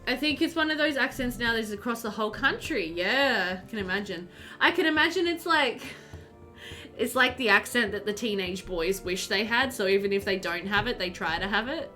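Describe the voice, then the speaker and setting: A woman's voice: mid-range voice, expressive, moderate pace, bright, forceful tone, faint music behind. A woman streamer chatting casually and animatedly with viewers while playing a game, often laughing.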